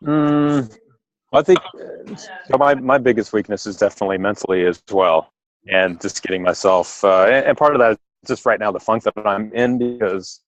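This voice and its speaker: A man on a group call, talking in a hesitant, halting way with many fillers. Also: on the low side, no room sound, lo-fi sound. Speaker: call participant.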